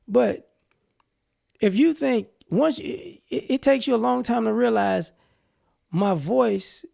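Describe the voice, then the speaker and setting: A man's voice: sits high, expressive, normal speed, gravelly, warm tone. A man with a Southern US accent talking through his opinions in a casual, rambling vlog, full of fillers. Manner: rambling, conversational, many fillers. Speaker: vlogger.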